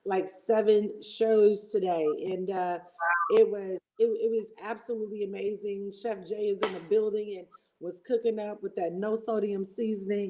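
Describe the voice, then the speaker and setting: A woman's voice: medium pitch, fairly even intonation, normal speed, mellow, rough recording. A woman guest on a casual livestream, talking enthusiastically and at length in a preacherly way. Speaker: guest co-host.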